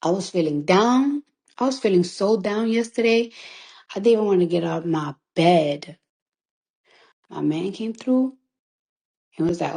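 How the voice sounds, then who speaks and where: Her voice is fairly low, a little slow, and mellow, with lively intonation, vocal fry, and long pauses. She is a recording artist giving a tearful, emotional livestream monologue on her phone, defiant and emphatic, swearing freely and repeating lines to press her point.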